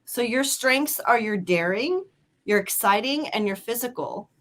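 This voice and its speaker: A woman's voice: a little high, expressive, unhurried, fairly bright tone. A woman in her forties hosting a casual livestream, chatty and laughing as she reads out personality traits. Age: 40s. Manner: chatty, laughing, spells out hard words. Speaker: livestream host reading birthday personality traits. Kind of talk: casual live chat.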